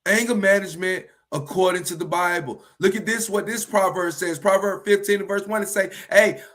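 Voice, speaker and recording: A man teaching from the Bible in a livestream, earnest and repeating key phrases slowly for emphasis. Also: high voice, fairly even intonation, fairly bright tone.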